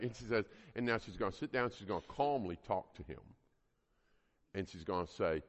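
A man's voice: on the low side, animated, fairly quick. A man teaching a parenting class to a live group, earnest and emphatic, often putting questions to the audience. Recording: long hall reverb.

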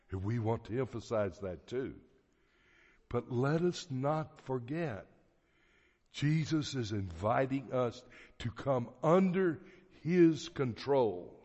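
A man preaching a sermon in a church hall, teaching slowly and deliberately with emphatic phrases. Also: mid-range voice, darkish tone. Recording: dull audio with long hall reverb.

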